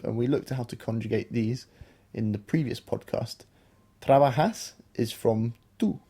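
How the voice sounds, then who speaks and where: Guy teaching a beginner spanish lesson on a podcast, patient, warm mellow voice. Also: mid-range voice. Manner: patient, explanatory. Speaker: language teacher, podcast co-host. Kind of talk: explaining a beginner language lesson.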